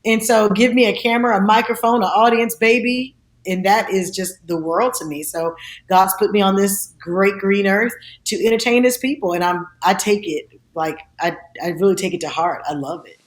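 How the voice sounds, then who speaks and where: A woman, an actress and singer, telling lively stories in an interview and acting out the quotes. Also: mid-range voice, normal speed, reverberant. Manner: animated, acts out quotes with laughs.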